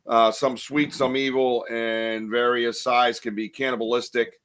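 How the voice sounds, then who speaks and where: A man's voice: mid-range voice, level tone, measured pace, fairly bright tone. A man hosting a casual live podcast, rambling and chatty as he reads viewer comments aloud, with lots of ums and restarts. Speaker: podcast host.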